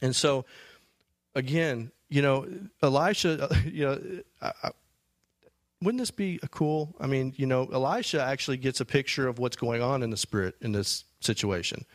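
In a sermon with no room sound, a medium-pitched male preacher speaks at a normal speed. He reads from scripture and unpacks it casually, full of restarts and filler words.

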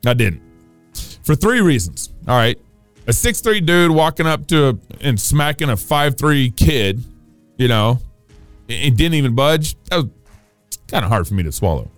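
A man's voice: medium pitch, dry recording. A man hosting a comedy podcast, rambling playfully and poking fun at himself. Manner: playful, rambling, self-mocking. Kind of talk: joking commentary.

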